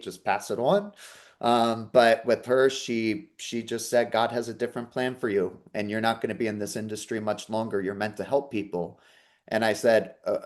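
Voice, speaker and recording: A man who works as a psychic medium, giving an earnest inspirational talk and often checking in with listeners. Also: medium pitch. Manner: earnest, repeats "okay?" to the audience. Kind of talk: inspirational talk with personal story.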